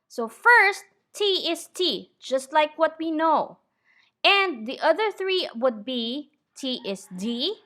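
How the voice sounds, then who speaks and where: This high-pitched woman with a sharp tone teaches English pronunciation at a slow, clear pace. Patient throughout, she drills each word deliberately and keeps asking "okay?"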